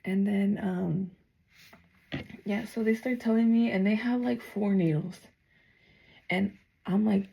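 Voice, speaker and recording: A young woman casually retelling a strange dream, chatty and full of "like", sometimes mumbling softly and sometimes getting heated. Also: medium pitch, measured pace, vocal fry, long pauses, rough recording. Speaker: storyteller recounting a dream.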